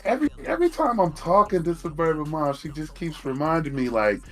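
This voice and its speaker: A joking man co-host whose slangy banter swings widely in pitch. He laughs often and talks loosely. Faint music hums in the background. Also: lively intonation, brisk. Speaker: podcast co-host. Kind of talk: casual chat.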